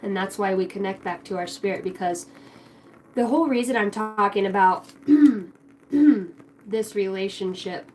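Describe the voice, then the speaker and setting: A woman's voice: medium pitch, unhurried, a little hiss or hum, rough recording. A young woman giving a spiritual card reading, emotional and rambling, swearing casually. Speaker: tarot card reader.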